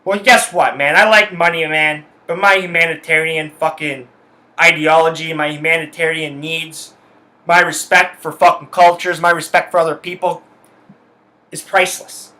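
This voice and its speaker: A man's voice: on the high side, steady tone, normal speed, sharp tone. A young man ranting angrily in a solo monologue, swearing a lot and hammering his points with emphasis. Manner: angry, profane, emphatic. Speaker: podcast host.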